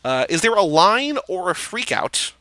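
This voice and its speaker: A man hosting a podcast in casual chat, talking in an animated way with quick restarts and easy laughs. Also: sits high, poor audio. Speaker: podcast host.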